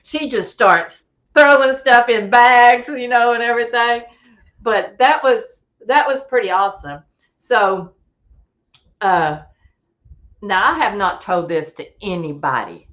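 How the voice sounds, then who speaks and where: Animated woman telling a campfire story. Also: a little high, slow, low-quality recording. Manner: animated storyteller, acts out voices, chuckles often. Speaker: guest telling an encounter story. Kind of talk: casual storytelling on a call-in show.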